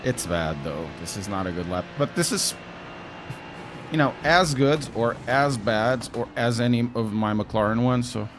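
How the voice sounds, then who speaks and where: A young Portuguese man with an accent from Portugal chats casually with his stream chat while sim racing, wry and talkative. His medium-pitched voice is animated at a measured pace, with noise in the background.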